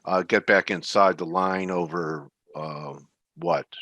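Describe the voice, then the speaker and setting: A man's voice: deep voice, fairly even intonation, slow, pushed and bright, no room sound, muffled recording. A man hosting an interview over a video call, talking casually and calling his guest "bro". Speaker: interview host.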